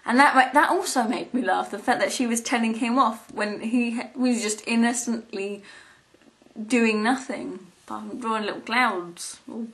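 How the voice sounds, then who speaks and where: Young woman, slightly high voice, casual rambling vlogger, giggly. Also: moderate pace, a bit bright. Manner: rambling and giggly, many ums and restarts. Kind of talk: casual chat to camera.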